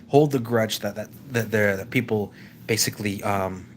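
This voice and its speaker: A man hosting a live stream, talking off the cuff in a rambling way, with frequent restarts, and repeatedly calling out to his viewers as ladies and gentlemen. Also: on the low side, normal speed, a little hiss or hum. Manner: rambling, with many restarts and stumbles; keeps addressing the audience as "ladies and gentlemen". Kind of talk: casual opinion monologue.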